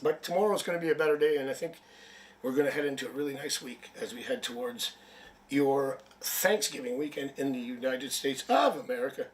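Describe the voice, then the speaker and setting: A man's voice: mid-range voice, a little fast, recorded from a distance, slight background noise. A man from Canada reading tarot on a live stream, chatty and rambling, with jokes, a sniffle and a headache. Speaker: tarot reader.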